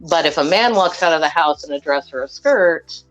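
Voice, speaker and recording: A woman's voice: sits low, animated, brisk, highs cut off, soft background music. A woman from Western Kentucky, a guest chatting casually on a video call and rambling with many restarts.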